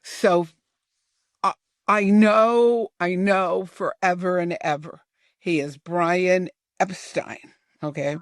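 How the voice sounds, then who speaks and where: A man in his seventies from the New York area, reminiscing in unhurried, detailed storytelling as a podcast guest. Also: high-pitched, fairly even intonation, no echo, studio quality. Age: 70s. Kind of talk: storytelling in an interview.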